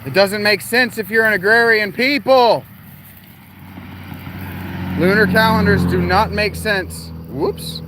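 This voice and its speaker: Brief: man, slightly high voice, rambling livestream host chatting on a night walk outdoors, phone mic. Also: takes it slowly, pauses often, noisy background. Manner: rambling, answering chat while walking. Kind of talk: casual livestream chat. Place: outdoors at night near parked cars.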